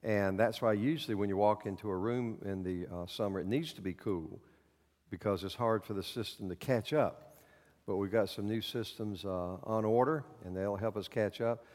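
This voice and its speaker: A male pastor preaching a sermon to his congregation in a church, in a folksy, halting way with many fillers. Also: lowish voice, a little mellow, in a large hall. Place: church sanctuary.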